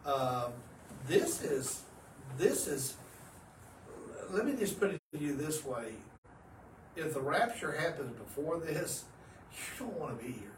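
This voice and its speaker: Man, pastor, animated storytelling, echoey room, mic set back. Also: a little high, slow, long pauses. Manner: animated storyteller, swings from hushed to loud. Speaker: pastor, podcast co-host. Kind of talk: casual religious podcast chat. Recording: roomy, distant mic, faint noise.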